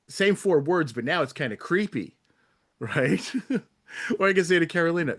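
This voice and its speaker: A man's voice: a little high, animated, normal speed, fairly bright tone. A man on an online group discussion, making thoughtful points and using playful examples to illustrate them. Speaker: panel participant.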